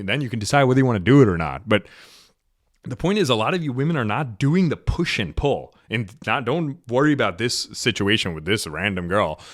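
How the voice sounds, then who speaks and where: A man's voice: lowish voice, a bit bright, no room sound, studio quality. A man hosting a solo podcast, giving a blunt, profane monologue in a lecturing tone. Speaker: podcast host.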